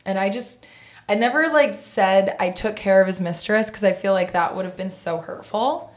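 A woman's voice: mid-range voice, moderate pace. A woman in her thirties, a hairdresser, telling stories in casual podcast chat, candid and profane, with lots of fillers. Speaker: guest hairdresser.

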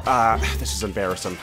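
A man's voice: lowish voice, close to an everyday voice. Man doing Ted, a foul-mouthed stoned teddy bear. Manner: crude, rambling, swearing constantly. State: high, paranoid. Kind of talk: voice trolling in online game chat.

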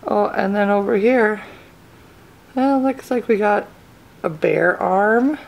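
A woman's voice: medium pitch, takes it slowly, creaky, darkish tone, slight background noise. A mother in her thirties filming a family vlog, chatting fondly to her dog in a sing-song voice. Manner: sweet baby-talk to her dog. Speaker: vlogger. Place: home, then a car. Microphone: handheld camera.

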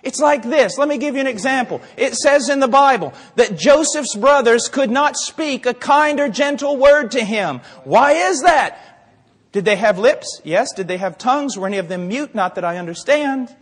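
A man preaching a sermon with passion, pausing for effect and asking rhetorical questions. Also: very high-pitched, animated. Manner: impassioned, rhetorical questions, dramatic pauses. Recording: reverberant hall.

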